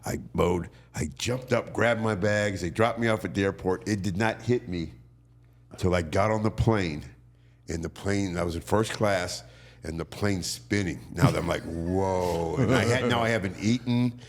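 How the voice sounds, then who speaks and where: Lively storytelling man with a low voice. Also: normal speed. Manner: animated storyteller who acts out quoted voices. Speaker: guest. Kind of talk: casual storytelling.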